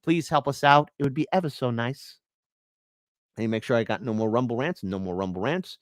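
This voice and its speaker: A man's voice: medium pitch, a little fast, no room sound, clean studio sound. A man hosting a live political commentary stream, reading out donations and mocking the clips he plays. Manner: animated, mocking, reads donations aloud. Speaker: livestream host.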